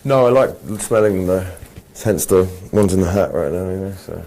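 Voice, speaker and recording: A man with an English accent speaks low and slow, his tone mellow and dark. He answers an interviewer's questions with a dry, measured, gently teasing manner, casual and unhurried. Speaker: actor being interviewed.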